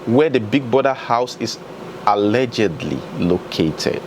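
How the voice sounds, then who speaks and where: A man's voice: medium pitch, expressive, measured pace, darkish tone, slight background noise, poor audio. A man hosting entertainment news, giving chatty, opinionated commentary and talking straight to his viewers.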